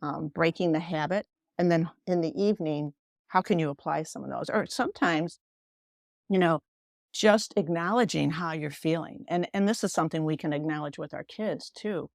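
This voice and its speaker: Low gravelly woman, podcast guest, gentle and thoughtful, lots of "you know"s. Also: normal speed, no echo, clean studio sound. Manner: gentle, reflective, many "you know" fillers. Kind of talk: casual interview talk.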